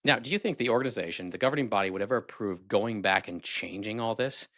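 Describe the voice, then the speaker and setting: Man hosting, sarcastic and critical, lowish voice, dry sound. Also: quick pace, pushed and bright, no echo. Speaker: video host. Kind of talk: casual commentary.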